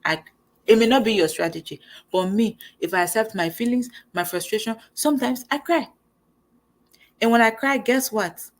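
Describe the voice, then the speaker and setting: A young woman giving a casual motivational talk as host, animated and conversational. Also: fairly high pitch, normal speed. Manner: animated, conversational, acts out quoted lines.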